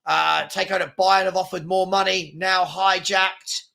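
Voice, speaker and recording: A man hosting a live stream, chatting casually and reading viewer comments with an excitable, filler-heavy manner. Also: high-pitched, measured pace, vocal fry. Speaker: livestream host reading chat.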